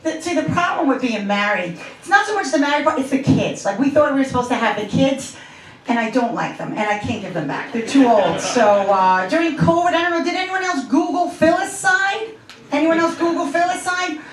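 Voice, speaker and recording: Captured by a faraway mic in an echoey comedy club with slight background noise, a fifty-something woman from Long Island, New York, delivers crude, brash stand-up as casual storytelling. Her voice is high-pitched and animated, and she talks a little fast.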